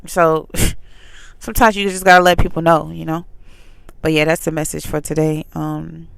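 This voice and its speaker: A woman's voice: deep voice, level tone, moderate pace, creaky, clear, resonant tone, no echo. A woman vlogger telling a story in a candid, chatty way, with pointed retorts. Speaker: faith vlogger. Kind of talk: casual storytelling monologue.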